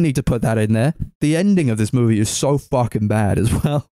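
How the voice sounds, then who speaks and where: A man co-hosting a casual movie review chat, ranting, swearing and laughing, his voice jumping high when exasperated. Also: fairly quick, mellow, no echo, studio quality. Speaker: podcast co-host.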